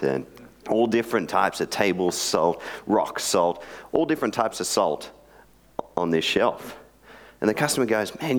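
A preacher with a low-sitting voice tells a joke story during a sermon. He's chatty and adds joking asides before moving on to prayer and teaching.

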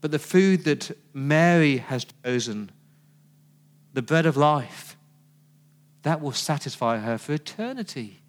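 A man's voice: fairly high pitch, animated, a little slow, pauses often. A man giving a sermon as pastor, telling the story conversationally with rhetorical questions.

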